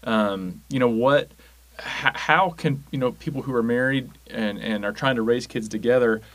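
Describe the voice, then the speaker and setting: A man interviewing a guest in a casual talk, attentive and quick to affirm with short replies. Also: mid-range voice, a bit bright.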